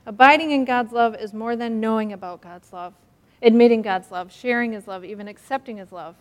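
A woman's voice: fairly high pitch, brisk, in a large hall. A woman preaching a sermon, earnest and emphatic, acting out a story as she teaches. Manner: earnest and emphatic, acts out stories.

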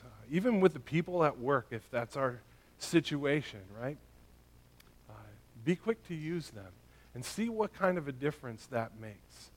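A male pastor with a fairly high-pitched voice preaches a sermon conversationally, frequently checking in with his listeners by asking "right?" and "okay?".

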